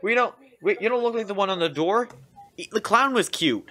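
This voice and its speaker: A host reacting to an animated video on voice chat with friends, excitable and quick to laugh. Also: mid-range voice. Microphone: voice chat mic.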